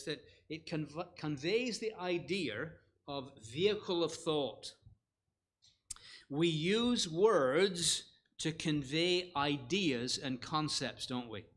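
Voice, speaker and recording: A man's voice: fairly high pitch, fairly bright tone. A man preaching an expository Bible sermon at a church conference, earnest, with rising and falling emphasis and rhetorical questions to the congregation. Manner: frequent fillers and self-corrections. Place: church hall.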